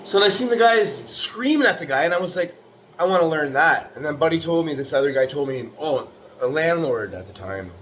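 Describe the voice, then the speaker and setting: A man's voice: on the high side, animated, fairly quick, fairly bright tone, a little hiss or hum. Blunt, profane middle-aged man. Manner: profane, blunt, tough-talking; peppers speech with "you know" and "right". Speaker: bricklayer vlogger. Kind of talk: rambling motivational monologue.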